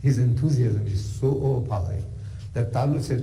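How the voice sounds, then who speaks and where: A South African man giving a storytelling religious lecture, animated and full of conversational asides. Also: medium pitch, a little fast, slight background noise, low-quality recording. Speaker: Islamic lecturer.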